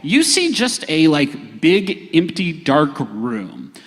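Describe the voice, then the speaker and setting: Man game master, lively up-and-down voice, higher pitch, theater reverb. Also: slow pace, soft background music. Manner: hesitant, lots of uh fillers, playful. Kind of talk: live tabletop game narration. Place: large theater stage. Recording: live theater stage reverb.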